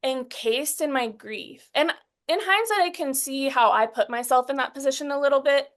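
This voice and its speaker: A woman in her thirties with a fairly high, somewhat bright voice speaks as an interview guest. Earnest and halting, she often restarts sentences and at times becomes emotional while recounting hard memories.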